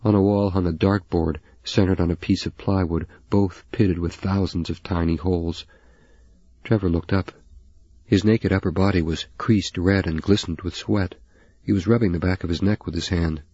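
A deep, husky man narrates a novel at a steady, even pace. The sound is very dry and slightly dull. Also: normal speed, dry recording. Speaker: audiobook narrator. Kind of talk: scripted narration.

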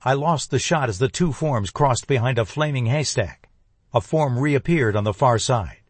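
A man narrating a first-person thriller audiobook in a measured, tense voice. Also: medium pitch, expressive, breathy edge, no echo.

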